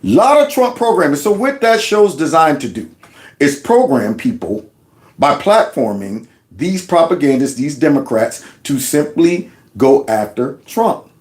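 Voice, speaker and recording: A man's voice: fairly high pitch, sing-song, measured pace, darkish tone. A man giving sarcastic reaction commentary on news clips, mocking them with one rhetorical question after another. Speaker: commentary vlogger.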